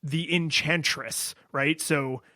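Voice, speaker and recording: A man co-hosting a podcast in casual chat, animated, laughing often and restarting his sentences. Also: fairly high pitch, takes it slowly, no echo, studio quality. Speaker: podcast co-host.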